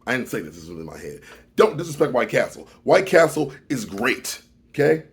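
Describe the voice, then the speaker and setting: Animated gravelly man telling a story. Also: mid-range voice, moderate pace. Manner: animated, exaggerated swings between loud and muttered. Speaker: vlogger. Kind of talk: comedic storytime vlog.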